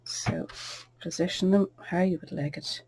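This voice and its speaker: A woman giving a casual, chatty card-making tutorial, with soft asides under her breath. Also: fairly low pitch, a little slow, background noise.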